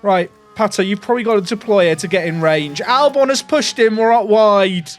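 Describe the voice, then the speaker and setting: A man giving excitable, jokey commentary while playing a racing management game, swinging between hype and quiet muttering. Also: high voice, moderate pace. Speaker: gaming YouTuber.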